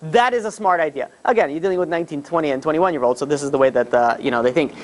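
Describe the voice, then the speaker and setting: A man, a rabbi, telling a story to a live group in a casual, animated way, with many fillers and restarts. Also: on the high side, very fast. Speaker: rabbi teaching a class.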